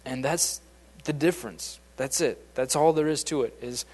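An adult man with a mid-range, darkish voice preaches an informal, conversational sermon at a normal speed. He often restarts his sentences and acts out the voices of the people he quotes.

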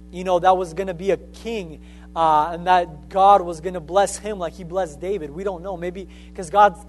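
Male preacher, high voice, earnest and stop-start, faint hum behind. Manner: halting, many restarts, earnest. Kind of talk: sermon with scripture reading.

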